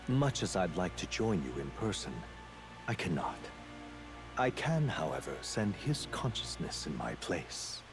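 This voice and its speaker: Deep, courtly game mentor. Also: male voice, full character voice. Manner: formal, measured, old-fashioned phrasing. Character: courtly male mentor figure guiding the hero. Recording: game audio played on a stream, music under it.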